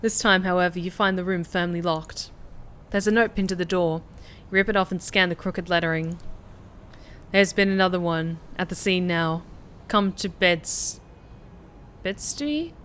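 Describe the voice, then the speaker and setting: A woman streaming a story game, reading the narration aloud in a lively way and chatting back to her viewers. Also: fairly low pitch, normal speed, a little hiss or hum.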